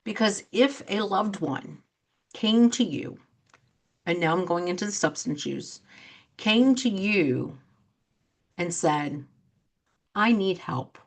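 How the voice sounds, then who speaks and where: A middle-aged woman hosts a motivational talk show as a coach, speaking earnestly and acting out the reactions she quotes in her examples. Her voice is lowish and expressive, and she talks slowly with frequent pauses.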